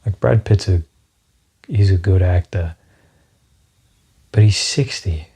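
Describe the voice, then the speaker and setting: A man with a low, husky voice rambles through a solo podcast monologue. He swears freely, trails off into fillers and keeps getting sidetracked. His tone is dark and mellow. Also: takes it slowly. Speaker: podcast host.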